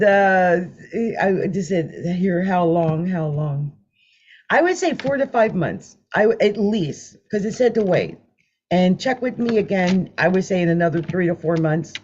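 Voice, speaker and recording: Animated woman reading tarot live. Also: on the low side, slightly rough. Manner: chatty, animated, laughs often, hums while drawing cards. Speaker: tarot card reader. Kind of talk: live-stream card reading. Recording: dull lo-fi sound.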